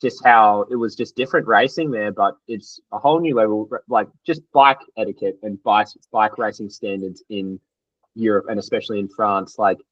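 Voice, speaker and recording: A young Australian man with an Australian accent, recounting his story as a guest in an interview, animated and tumbling along with lots of "like". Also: on the low side, normal speed, dry recording, muffled recording. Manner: animated, tumbling retelling full of "like". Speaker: guest athlete.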